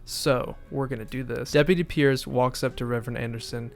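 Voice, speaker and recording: A man in a casual spoken recap of a TV episode, talking in a flat, monotone way and sometimes restarting his phrases. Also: medium pitch, a little fast, creaky, soft background music. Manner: monotone delivery. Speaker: video essayist recapping a TV episode.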